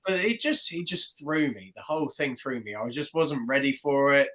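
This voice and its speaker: A man's voice: medium pitch, normal speed. A man, a guest magician telling a story in casual podcast chat, acting out the voices of the people in it. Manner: animated, acts out the voices of people in his stories.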